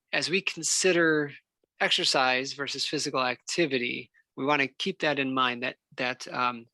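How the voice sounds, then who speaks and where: A man, a physical therapist giving a relaxed, unscripted health talk full of fillers and restarts. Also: mid-range voice, gravelly, no echo. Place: church hall.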